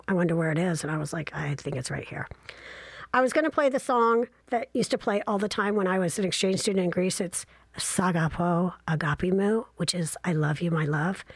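Husky-voiced woman in her sixties, chatty. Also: medium pitch, dry recording. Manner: chatty, self-deprecating, animated asides. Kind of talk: casual travel storytelling.

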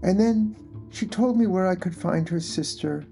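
A man telling an old tale aloud, with slow, unhurried delivery. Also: high-pitched, vocal fry, dark tone, soft background music. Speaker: storyteller. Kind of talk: oral storytelling.

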